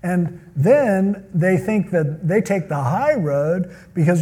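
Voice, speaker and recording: Man preaching conversationally, mellow tone, slips into quoted voices. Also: high voice, animated, takes it slowly, few pauses, slightly rough. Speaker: pastor. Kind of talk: sermon.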